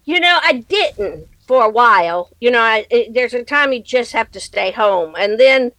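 A woman's voice: fairly high pitch, animated, normal speed, fairly bright tone, dry recording, low-quality recording. A middle-aged woman comedian giving a guest interview, talking earnestly and reflectively and laughing easily. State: widowed. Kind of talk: conversational interview answers.

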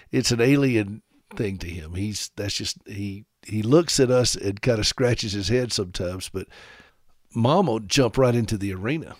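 A South Carolina man hosts a radio talk show, addressing his listeners directly with animated, sarcastic humor. His voice is fairly low, and the recording is a clean studio sound with no echo.

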